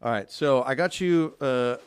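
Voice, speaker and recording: A man's voice: mid-range voice, measured pace, clear, resonant tone, no room sound. Man, 30s, podcast co-host, playful banter, dry close sound. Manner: playful, animated gift-giving banter. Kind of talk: casual chat.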